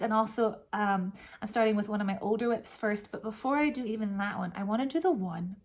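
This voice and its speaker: A woman hosting a cross-stitch vlog, chatting warmly and emotionally to camera from home, with soft whispered asides. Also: a little high. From California. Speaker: Flosstube host. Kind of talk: casual chat to camera.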